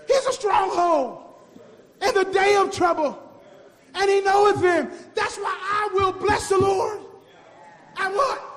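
A man preaching a call-and-response sermon, shouting and half-singing his lines. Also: very high voice. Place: church. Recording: echoey church hall with music and congregation.

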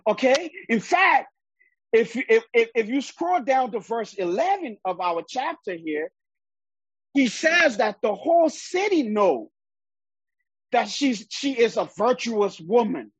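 A woman's voice: fairly high pitch, very animated, slow pace, breathy edge, no echo. A woman teaching a Bible study in the style of a sermon, reading verses aloud and then explaining them with emphasis. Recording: dull, lo-fi sound.

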